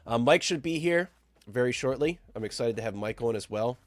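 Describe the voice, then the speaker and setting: A man hosting a live stream while sick, sounding nasal and stuffed up, upbeat and shouting out chat viewers. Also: mid-range voice, expressive, fairly quick, dry recording. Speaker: host.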